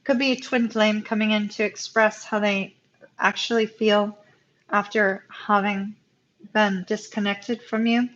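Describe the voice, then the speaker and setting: A woman giving a live-stream tarot reading, talking to viewers warmly and getting emotional. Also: mid-range voice, little pitch movement, measured pace, dull audio. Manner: emotional, talks to viewers as "y'all". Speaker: tarot reader.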